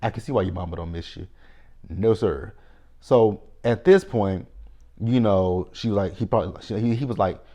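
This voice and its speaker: A man giving a casual TV episode recap, animated and profane, quick to mock with exaggerated reactions. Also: fairly low pitch. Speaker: TV recap host.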